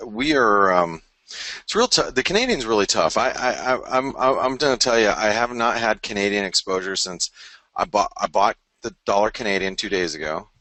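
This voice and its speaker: A man's voice: lowish voice, lively intonation, normal speed, sharp tone, no room sound. A man hosting a live trading webinar, talking through charts in a rambling, frank way, often stopping and restarting mid-thought. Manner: rambling, self-interrupting, frank.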